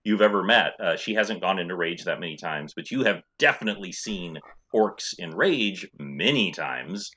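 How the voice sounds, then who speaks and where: A man running a tabletop game as game master, narrating scenes in a relaxed way with many fillers. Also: deep voice, normal speed, hardly any pauses, husky. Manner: descriptive, relaxed with frequent fillers.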